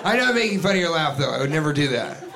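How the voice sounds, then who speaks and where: Male stand-up, wry, self-mocking, animated, live crowd, room noise. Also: a little high, racing. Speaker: stand-up comedian. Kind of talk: stand-up comedy routine. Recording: live club with audience.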